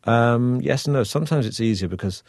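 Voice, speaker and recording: A middle-aged man from Manchester with a softened northern English accent, chatting wryly as an actor in an interview, with many fillers and restarts. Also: medium pitch, a little fast, no room sound, studio quality. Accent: northern English, softened toward received pronunciation. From Manchester, England. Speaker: actor guest. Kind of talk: relaxed conversational interview.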